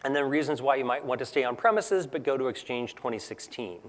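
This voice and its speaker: A man's voice: mid-range voice, fast, long reverb tail. A man giving a conference presentation in a casual, conversational way, tagging points with "right?". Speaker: technical presenter. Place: large conference hall.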